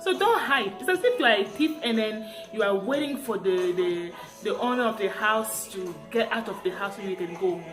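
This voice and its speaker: A young woman with an African accent telling a story to camera in a casual, animated way, laughing often and repeating words. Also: medium pitch, normal speed, few pauses, over music. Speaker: vlogger.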